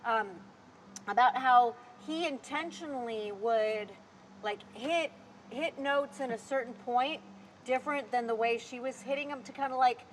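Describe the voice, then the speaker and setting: A woman's voice: a little high, unhurried, slight background noise, poor audio. A woman in casual chat about music, rambling with lots of fillers and restarts. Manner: rambling, filler-heavy with many "like"s. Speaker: podcast co-host.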